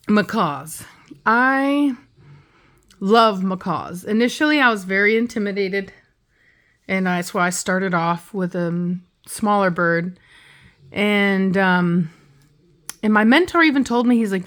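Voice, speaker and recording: Candid rambling woman in her late thirties. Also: slow. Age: late 30s. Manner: rambling and candid, with frequent fillers and restarts; coos in a high, soft baby-talk voice to her bird. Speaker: vlogger and pet bird owner. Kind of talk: casual vlog chat.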